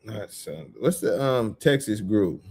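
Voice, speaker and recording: Husky-voiced man telling a story. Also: fairly low pitch, takes it slowly. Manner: animated, laughs often, repeats phrases. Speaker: vlogger. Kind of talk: casual storytelling.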